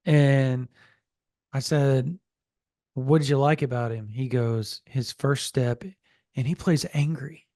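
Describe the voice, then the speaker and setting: A man co-hosting a sports podcast, telling a story in a casual, animated way and relaying a source's quotes. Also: medium pitch, slow, dry recording, clean studio sound. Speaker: podcast co-host.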